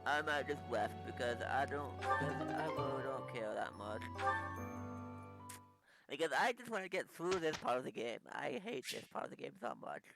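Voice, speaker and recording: A man's voice: mid-range voice, lively intonation, moderate pace, gravelly, rough recording. Emotional young man talking over game music. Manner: emotional, repetitive, rambling. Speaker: gaming YouTuber. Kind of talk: let's play commentary.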